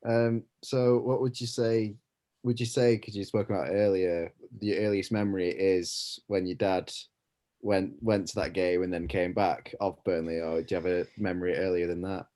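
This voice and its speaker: A man's voice: deep voice, little pitch movement, normal speed, dark tone. A man co-hosting a podcast, asking a question hesitantly and repeating himself. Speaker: podcast co-host. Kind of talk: casual interview.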